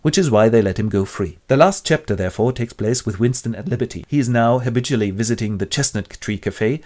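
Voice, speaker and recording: A man's voice: mid-range voice, quick pace, a little mellow. A man narrating a comic book summary in a wry, playful way. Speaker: storyteller.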